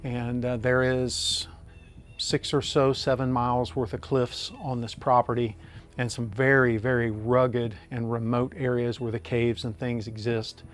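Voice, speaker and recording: An older man, speaking at a middling pitch. He tells his story earnestly and at length, often pausing on "uh" as he goes. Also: flat delivery. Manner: earnest, drawn-out storytelling with many uh fillers. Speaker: landowner interviewee. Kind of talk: storytelling interview.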